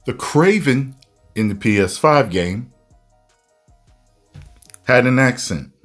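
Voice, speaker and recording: A man reviewing a movie in a casual video rant, animated and breaking into loud exasperated outbursts. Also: mid-range voice, slow, soft background music.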